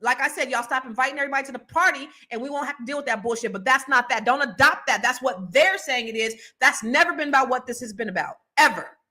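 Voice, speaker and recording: A woman hosts a casual livestream with a bright, forceful voice. She reads viewer comments and talks bluntly, swearing freely and swinging from low mumbles to heated rants. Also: lively intonation, fairly quick, hardly any pauses, husky. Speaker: host.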